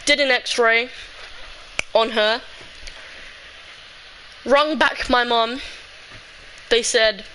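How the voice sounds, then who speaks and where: A woman's voice: a little high, fairly even intonation, slow, long pauses, bright, forceful tone, slight background noise, low-quality recording. A young woman telling a personal story in a casual, emotional, rambling way, full of "like".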